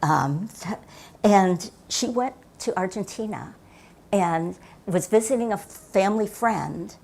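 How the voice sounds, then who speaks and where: An older woman preaches a reflective sermon in a church, her voice at an ordinary middle pitch. She reads scripture and tells stories, sometimes pulling back to a hushed near-whisper to make a point. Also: expressive, slow, gravelly. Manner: reflective, varies loudness, drops to near whispers for emphasis. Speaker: pastor. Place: church sanctuary.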